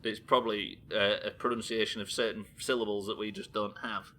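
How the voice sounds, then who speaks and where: A man's voice: on the low side, level tone, brisk, bright, forceful tone, a little hiss or hum. A young man streaming a video game live, swearing freely and chatting with viewers as he plays. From Britain. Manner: sweary, chatty, reading chat aloud. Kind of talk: live gameplay commentary.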